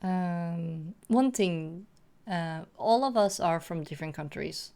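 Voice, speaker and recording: A woman from Norway hosting a casual group chat, talking in a relaxed way and laughing often. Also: lowish voice, slow. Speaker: host.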